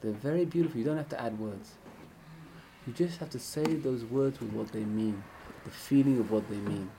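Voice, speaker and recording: A man giving an informal Torah class on prayer, often asking his listeners questions and swinging between loud and hushed speech. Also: mid-range voice, brisk, a little hiss or hum. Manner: animated, swings from loud chanting to hushed near-whispers. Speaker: Torah teacher.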